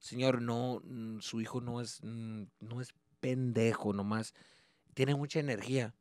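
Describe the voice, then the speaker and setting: A man voicing a polite interpreter who gently corrects a father. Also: mid-range voice, steady tone, normal speed, no room sound, lightly acted. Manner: polite, apologetic.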